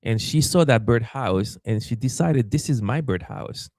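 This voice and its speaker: A man's voice: mid-range voice, normal speed, no room sound, clean studio sound. A man from Haiti, a pastor telling a story in a podcast interview, acting out voices and stammering as he goes. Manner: animated, acts out quoted voices, stammers and repeats.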